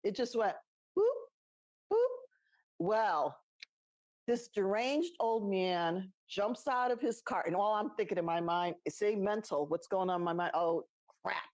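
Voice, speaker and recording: A woman's voice: mid-range voice, a little slow, a little mellow, no room sound. A middle-aged woman co-hosting a podcast, telling personal stories in a chatty way, laughing as she goes and acting out the voices she quotes. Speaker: podcast co-host. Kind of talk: casual storytelling chat.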